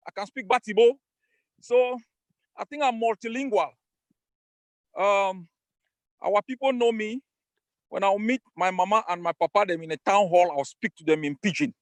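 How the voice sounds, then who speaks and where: A man's voice: sits high, no echo. A man with a Cameroonian accent, a political leader giving an emphatic, defiant rallying speech over a video call. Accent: Cameroonian English. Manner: emphatic, defiant, repeats phrases for force.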